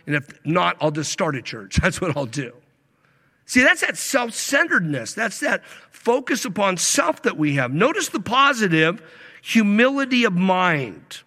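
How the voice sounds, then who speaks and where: Bright-voiced preaching man in a hall. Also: sits high, sing-song. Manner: dynamic preaching, stretching key words slowly, shifting between loud and hushed. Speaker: pastor. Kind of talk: sermon. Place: church sanctuary. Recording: long reverb of a large hall.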